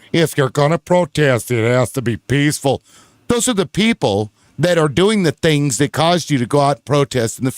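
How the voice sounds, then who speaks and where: A man's voice: fairly high pitch, no echo, studio quality. A man on a political panel talking in a rambling, profane way. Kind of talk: casual political panel chat.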